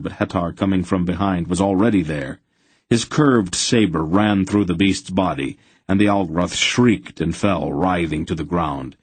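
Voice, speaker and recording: A man reading a fantasy audiobook in measured, dramatic narration. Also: deep voice, a little mellow, husky, dry recording. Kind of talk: scripted narration.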